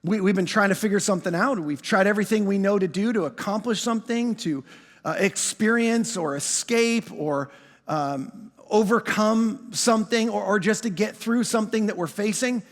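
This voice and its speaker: A man preaching a sermon, emphatic and full of repetitions, slowing right down to stress key phrases and sometimes calling out to the congregation. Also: high-pitched, big-room sound. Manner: emphatic, repeats words, slows down on key phrases. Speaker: pastor.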